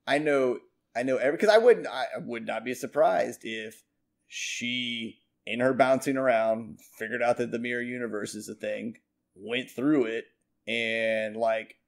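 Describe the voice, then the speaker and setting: A man co-hosting a TV review show, talking in a rambling, profane, animated way with lots of fillers. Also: mid-range voice, a little slow, vocal fry. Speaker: podcast co-host. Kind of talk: casual chat.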